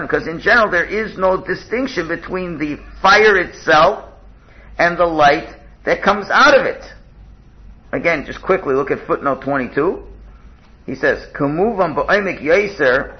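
Heard in lo-fi sound, a man with a slightly high voice teaches a religious text in a study lesson. He often restarts and repeats words while explaining Hebrew terms in English.

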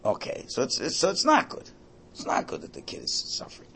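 An older man teaching a religious class to a room, lively and animated, often checking in with his listeners. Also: mid-range voice, fairly quick, vocal fry, husky. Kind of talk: lecture to a class.

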